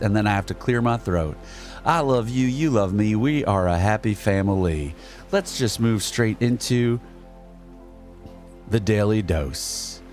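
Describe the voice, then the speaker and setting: A man's voice: lowish voice, a little mellow. Man preaching mock motivational sermons. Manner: earnest, over-the-top motivational preaching; chants a pledge and mutters at his broken chat. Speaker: comic self-styled reverend hosting a live stream. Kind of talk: improvised mock-sermon comedy.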